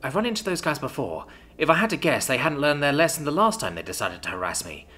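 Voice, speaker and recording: A man voicing a young, mild-mannered female mage student who speaks calmly. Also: on the high side, quick pace, voice pushed up. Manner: calm, soft-spoken.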